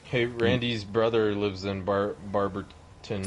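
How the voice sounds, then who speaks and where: A man chatting with a friend during a game, teasing him and laughing loudly. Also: fairly low pitch, fairly even intonation, measured pace, muffled recording, a little hiss or hum. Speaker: co-player friend. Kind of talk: casual gaming chat.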